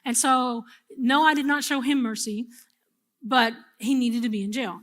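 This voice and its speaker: A woman pastor in middle age preaching to her congregation. She tells a personal story with humor and animation, and her voice sits high. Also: fairly even intonation, moderate pace, fairly bright tone. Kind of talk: sermon.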